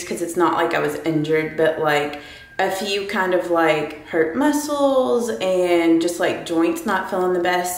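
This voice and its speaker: A woman's voice: medium pitch, roomy sound. A woman narrating her day in a casual vlog at home, chatty and full of "like" and side remarks. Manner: chatty, sprinkled with "like" and trailing asides. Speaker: vlogger.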